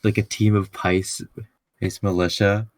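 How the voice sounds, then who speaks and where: A fairly low-voiced man chats casually with his players while running a tabletop game. The sound is dry and close. He jokes crudely and laughs often. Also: flat delivery, unhurried, dry recording. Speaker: game master. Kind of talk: casual chat between players.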